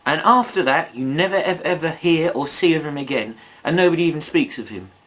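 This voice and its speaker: A man's voice: a little high, animated, brisk, a bit bright. A man reviewing toys in a casual video, rambling and chatty, full of asides and self-mocking jokes. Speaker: toy reviewer.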